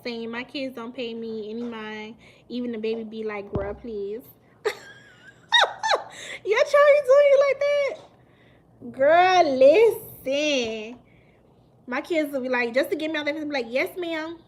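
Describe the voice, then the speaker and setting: A woman, chatting casually with viewers on a live stream, animated and emphatic and laughing often. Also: sits high, slow, long pauses. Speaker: mukbang livestream host.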